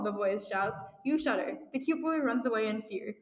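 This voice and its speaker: A young woman co-hosting a casual podcast, giggling and reading her own fan fiction aloud quickly. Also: a little high, crowd noise. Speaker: podcast co-host. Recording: echoey room with long reverb.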